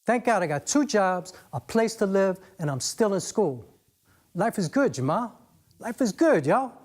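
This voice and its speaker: A man's voice: high-pitched, big pitch swings, a little slow, darkish tone. A man playing a laughing young New Yorker. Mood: upbeat. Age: young adult. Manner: laughing, streetwise, profane. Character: upbeat young man shrugging off bad luck.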